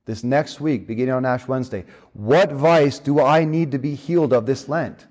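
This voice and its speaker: A man delivers a sermon in a relaxed, conversational way, at a mid-range pitch. He talks plainly, with casual fillers and the odd restart. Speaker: preacher.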